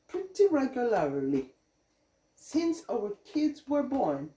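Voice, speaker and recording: A woman's voice: a little high, sing-song, takes it slowly, dark tone. A middle-aged Jamaican woman vlogging from her home kitchen, chatting casually, rambling and laughing often. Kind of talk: casual chat. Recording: echoey room, mic at a distance.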